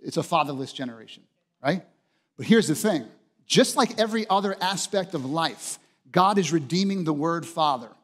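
A man's voice: on the high side, expressive, moderate pace. Passionate male preacher in a reverberant hall. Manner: passionate, emphatic preaching with repeated phrases. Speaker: pastor. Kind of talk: sermon.

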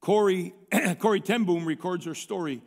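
A male pastor preaches in a folksy, conversational way, pausing now and then to clear his throat as he reads a story aloud. His voice sits high and has a gravelly, fry-tinged edge. The sound carries a long reverb, as in a large hall. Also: a little mellow. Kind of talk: sermon with read-aloud story.

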